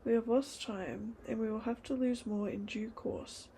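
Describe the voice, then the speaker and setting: A woman's voice: a little high, unhurried, dark tone, a little hiss or hum. A woman voicing a worried male villager from a storybook, urgent and pleading. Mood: dry.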